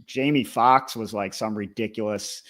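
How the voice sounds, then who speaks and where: A man co-hosting a TV review podcast, recapping an episode in relaxed chat with plenty of fillers. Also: on the low side, normal speed. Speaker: podcast co-host. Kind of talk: casual chat.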